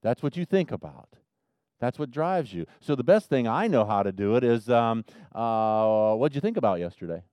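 A man preaching a sermon as pastor, swinging from loud emphasis to quiet asides. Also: medium pitch, animated, moderate pace, dry recording.

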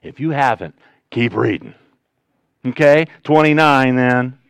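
Smooth-voiced man preaching a sermon. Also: mid-range voice, measured pace, no room sound. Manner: conversational, animated preaching with sudden loud rises and quiet drops. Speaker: pastor.

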